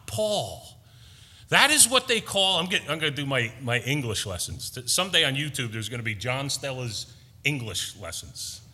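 A man preaching a sermon as pastor, emphatic and animated, with playful asides to the congregation. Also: high-pitched, long reverb tail.

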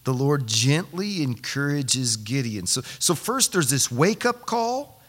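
A man preaching a sermon as pastor, animated and building to loud, emphatic peaks. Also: mid-range voice, takes it slowly. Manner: repeats himself when excited.

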